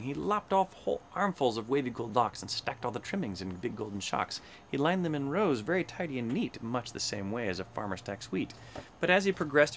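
A man's voice: medium pitch, a bit bright, a little hiss or hum. A man reading a children's rhyming storybook aloud, giving the animals little voices in a sing-song way. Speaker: storybook reader. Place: aboard a space station.

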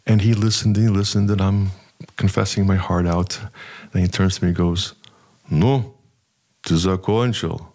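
A middle-aged priest telling a personal story in an interview, unhurried and hesitant, with many fillers. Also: male voice, low-pitched, flat delivery, darkish tone.

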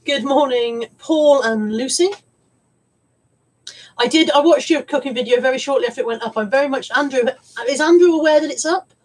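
A woman's voice: high-pitched, rough recording. A woman with a stuffy head cold, chatting in a rambling, self-mocking way on a live stream from home. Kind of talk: casual live-stream chat.

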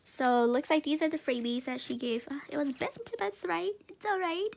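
A high-voiced woman chatting through an unboxing for her channel. She gushes with breathless exclamations and often drops into soft whispers over the items. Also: expressive, normal speed, creaky. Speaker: vlogger. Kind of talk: excited unboxing chat.

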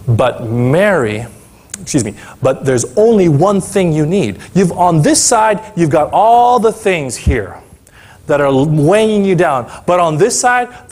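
A middle-aged man, a pastor, preaching a sermon in a conversational, animated way and acting out the people in his story. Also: sits high.

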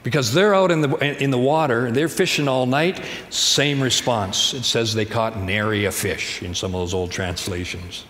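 A man's voice: mid-range voice, moderate pace, hardly any pauses, fairly bright tone. A man pastor preaching a sermon in a conversational, storytelling manner, recorded in a church sanctuary. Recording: church hall reverb, faint ambience.

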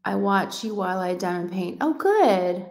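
A woman's voice: mid-range voice, normal speed. Gushing woman livestreaming. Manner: gushing, excitable, effusive. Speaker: livestream host of a crafting channel. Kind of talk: casual livestream chat reading comments.

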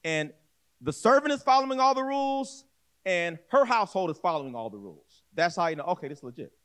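A man's voice: high voice, very animated, fast talker, fairly bright tone, smooth. A man preaching a sermon as pastor, telling a story in a conversational way, acting out voices and repeating himself as he goes. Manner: direct, conversational, repeats words and restarts.

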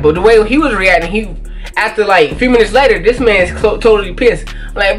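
A man hosting a prank channel, telling a storytime to the camera in an excitable, slangy way with sudden high-pitched outbursts. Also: fairly quick, faint music behind.

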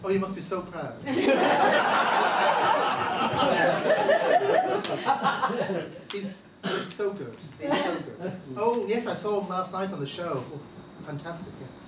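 Someone doing a gossipy box office attendant, stumbles over words a lot, pitch bouncing all over, echoey hall from far off, audience murmur. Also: huge pitch swings, takes it slowly, pauses often, noisy background. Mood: chatty. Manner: stammering, gossipy, with many false starts. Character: fussy, chatty theatre box-office attendant greeting arrivals. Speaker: comedy sketch performer. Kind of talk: live stage sketch. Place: village hall stage.

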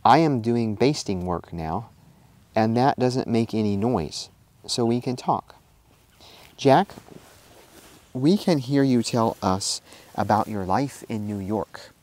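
A man voicing a gentle frontier mother. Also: on the low side, slow, long pauses. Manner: kind, calm and earnest. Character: gentle truthful frontier mother, adult woman.

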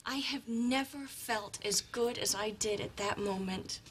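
A woman acting in a sitcom as a heartbroken young woman who speaks softly and tearfully. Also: on the high side, unhurried, slight background noise.

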